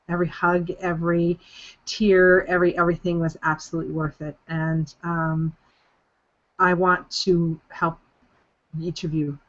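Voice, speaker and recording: A coaching program leader hosts a motivational group call, sincere and emphatic, repeating key phrases to drive them home. Her voice sits a little low. The audio is muffled and lo-fi, like a conference line.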